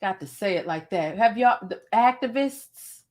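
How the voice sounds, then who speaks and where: A woman's voice: mid-range voice, moderate pace. Chatty woman talking straight to her viewers. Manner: chatty, animated, addresses viewers directly. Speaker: vlog host. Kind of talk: casual chat.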